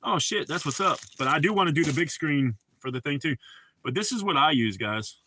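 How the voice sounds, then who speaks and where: Bright-voiced Southern man, laid-back drawl. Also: a little high, expressive, fairly quick, slight background noise. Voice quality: drawl, mouth full of dip. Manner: laid-back, swearing, laughs often. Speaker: streamer. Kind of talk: casual chat.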